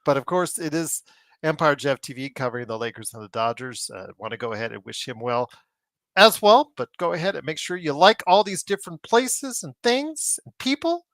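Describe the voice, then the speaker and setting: Chatty animated podcast host man. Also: a little high, normal speed, dry recording. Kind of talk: casual sports podcast talk.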